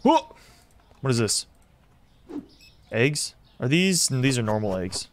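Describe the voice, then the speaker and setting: A young man streaming a simulator game, commenting excitedly and talking to his chat as he plays. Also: mid-range voice, takes it slowly, a little hiss or hum. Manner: excitable, talks to chat while playing. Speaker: gaming streamer. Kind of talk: live gameplay commentary.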